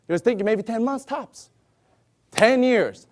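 A man preaching an animated sermon, exclaiming loudly and acting out the voices of the people in his stories. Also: very high voice, measured pace, pauses often. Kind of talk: animated sermon with acted-out scenes.

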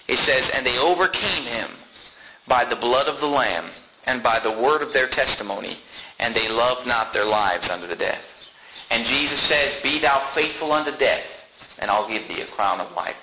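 A man preaching a sermon, acting out the voices of the people in the story he tells and building up to shouts. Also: mid-range voice, lively intonation, moderate pace. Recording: echoey room with clear background noise.

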